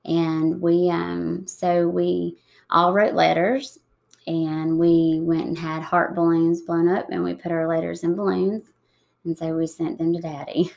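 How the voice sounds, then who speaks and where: Woman, low-pitched, gravelly, soft-spoken, reflective, interview guest. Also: level tone. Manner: soft-spoken, reflective, with many pauses and fillers. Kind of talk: emotional interview conversation.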